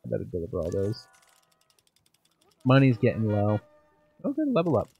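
Gravelly, husky gaming commentator. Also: male voice, lowish voice, wildly swooping pitch, normal speed, mellow, highs cut off, faint music behind. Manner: casual, self-deprecating, thinking aloud. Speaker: gaming channel host. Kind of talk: let's play commentary.

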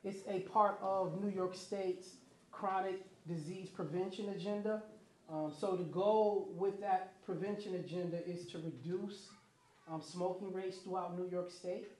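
Guy with a high voice giving a punchy talk, quizzing the crowd, big echoey hall. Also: measured pace. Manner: animated, addresses the crowd with questions. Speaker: guest speaker, program manager. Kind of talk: lively public talk to an audience. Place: community event hall.

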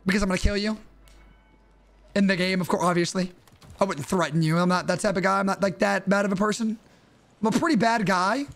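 High-voiced trash-talking young streamer guy. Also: fairly even intonation, brisk, vocal fry, long pauses, a bit bright. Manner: trash-talking, joking, swearing. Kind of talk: live gameplay commentary.

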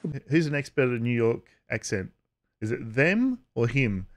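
A man giving casual vlog commentary, halting with frequent uhs and restarts and chuckling as he talks. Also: mid-range voice, sing-song. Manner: chuckles while talking. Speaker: YouTube commentator.

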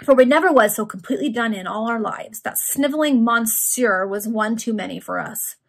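A woman's voice: on the high side, normal speed, vocal fry. A woman voicing a sulky male crook in a storybook reading, in her own plain voice.

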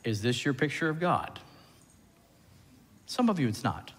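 A man preaching a sermon as pastor, animated, often putting questions to the congregation. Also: medium pitch, unhurried, breathy edge. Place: church sanctuary. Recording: church hall reverb.

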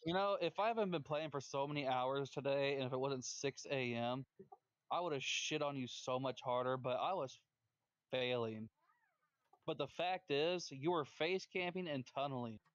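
A man's voice: mid-range voice, normal speed, no echo, muffled recording. A man trash-talking another player on a stream voice chat, scornful and taunting, repeating his insults. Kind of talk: trash talk between matches.

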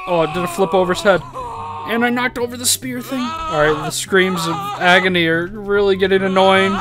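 A man commentating a game casually, excitable, swearing, laughing and yelping apologies to the characters. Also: high voice, fairly quick, over music. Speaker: gaming YouTuber. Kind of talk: casual let's play commentary.

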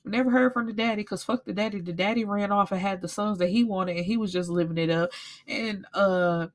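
A woman recapping a novel in casual chat, blunt and profane, telling the plot with lively energy. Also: medium pitch, brisk. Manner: blunt, profane, animated storytelling. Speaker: book reviewer.

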